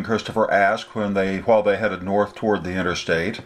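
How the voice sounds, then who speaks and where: A man narrating a novel in a steady, plain reading voice. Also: low voice, moderate pace. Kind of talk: scripted story narration.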